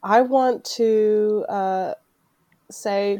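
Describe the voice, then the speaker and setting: Measured, low-voiced woman player. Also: a little mellow, slight background noise. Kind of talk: playing a tabletop game.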